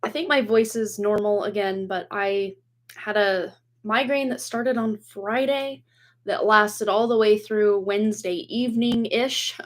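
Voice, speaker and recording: A woman in her forties, a tarot reader hosting a livestream from home, chatting casually, rambling with many fillers and frequent laughs, her voice slightly hoarse from a cold. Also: medium pitch, fairly bright tone. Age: 40s. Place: home room with dog toys and boxes behind. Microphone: computer webcam.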